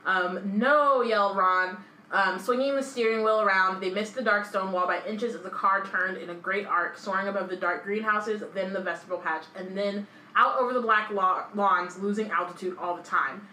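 A woman's voice: medium pitch, steady tone, moderate pace, sharp tone. A woman co-hosting a casual book podcast, chatty and full of "like" and "um", reading aloud and chatting. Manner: chatty, lots of "like" and "um". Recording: echoey room with faint noise.

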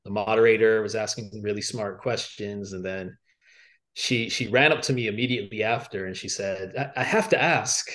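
A young adult man, an author guest on a podcast, talking in a reflective, halting way with many fillers and restarts. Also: lowish voice, fairly even intonation, a bit bright. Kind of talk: reflective interview talk. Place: podcast studio.

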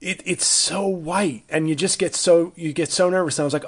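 A man's voice: on the high side, expressive, quick pace, hardly any pauses. A man hosting a casual solo podcast, rambling and self-deprecating with many restarts. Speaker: podcast host.

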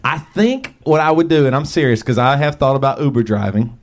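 A man's voice: mid-range voice, fairly quick. A man chatting on a podcast, joking and laughing as he talks. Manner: joking, laughs often while talking. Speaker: podcast co-host. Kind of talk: casual podcast chat.

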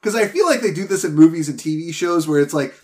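A man with a somewhat high voice co-hosts a casual podcast, recapping an episode in a relaxed way. He hedges his points and often agrees with his partner. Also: fast. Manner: relaxed, hedging, lots of agreeing and laughing along. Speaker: podcast co-host.

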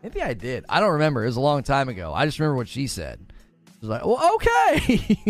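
Faint music plays beneath a casual livestream chat hosted by a man in his forties. He speaks very fast at a medium pitch, telling stories in an animated, laughing way with big rises and falls in his voice.

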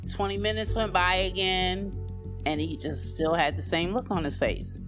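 A woman's voice: on the low side, fairly even intonation, moderate pace, music in the background. Candid woman telling her own story. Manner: candid, loose and conversational, many "you know" and "like" fillers. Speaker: person sharing her own life story. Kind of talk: personal storytelling, unscripted.

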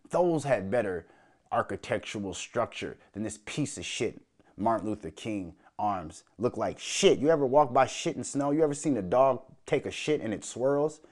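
Angry, animated man ranting profanely. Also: medium pitch. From Minnesota, USA. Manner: loud, angry, swearing, mocking quoted voices. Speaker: podcast host. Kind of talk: profane solo podcast rant.

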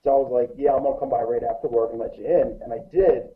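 A man guesting on a podcast, telling a profane, animated anecdote in a casual way. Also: mid-range voice, quick pace. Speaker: guest musician. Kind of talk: casual storytelling. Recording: tinny phone-like line.

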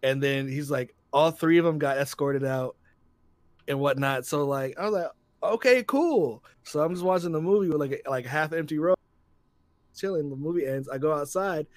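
A man co-hosting a casual podcast chat, telling stories and acting out quotes in loud put-on voices. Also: on the high side, moderate pace, no echo. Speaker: podcast co-host.

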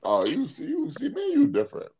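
Excitable guy talking music casually, voice jumps all over the place. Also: a little fast, a little hiss or hum. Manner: animated, jumps high in pitch when excited. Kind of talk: casual chat about music.

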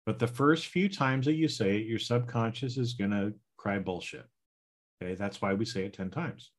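A man hosting a self-help podcast in a casual, folksy way, checking in with listeners by asking "right?" and "okay?". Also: lowish voice. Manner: slow, repeats "right?" and "okay?"; folksy and plain-spoken. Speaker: podcast host, healing coach.

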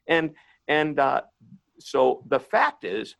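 A man's voice: fairly high pitch, lively intonation, takes it slowly, gravelly, fairly bright tone. A man hosting the talk, telling a rambling, self-deprecating story in a casual way.

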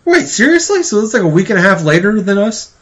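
A man's voice: high-pitched, very animated, fast, slightly rough, lo-fi sound. A man co-hosting a casual podcast, joking around and breaking into mock singing. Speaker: podcast co-host. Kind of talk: casual banter with joke singing.

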